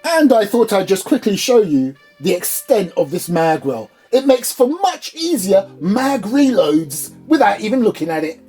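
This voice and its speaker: A man doing an upbeat, high-pitched reviewer persona, playfully showing off a product in his small home studio. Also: sing-song, normal speed, few pauses, mellow, faint music behind. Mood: enthusiastic. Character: chirpy high-voiced male gun reviewer persona.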